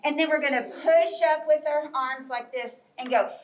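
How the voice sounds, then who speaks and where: A woman's voice: high-pitched, fairly even intonation, moderate pace. A woman leading a children's yoga storytime class in a library, cheery and encouraging with small children. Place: library room. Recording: echoey room from far off.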